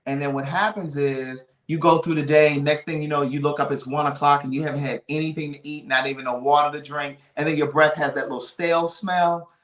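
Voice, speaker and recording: A man's voice: on the high side, steady tone, a little fast, few pauses, fairly bright tone, echoey room. A man telling a story on a casual live stream. He talks dramatically and piles up vivid adjectives.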